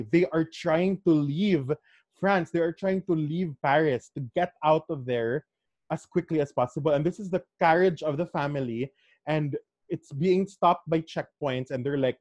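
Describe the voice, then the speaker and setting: A man's voice: a little high, a little mellow, no room sound. A man reading a classic novel aloud, breaking off for chatty, enthusiastic asides. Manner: chatty, enthusiastic asides, mixes in local words. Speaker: book reader. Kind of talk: casual book reading with commentary.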